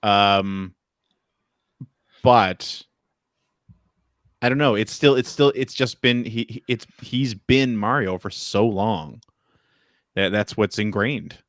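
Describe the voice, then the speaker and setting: A man's voice: on the low side, fairly bright tone, no room sound, clean studio sound. A man, a podcast co-host with young kids, chatting casually and restarting his sentences often. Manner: halting, many restarts. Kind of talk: casual chat.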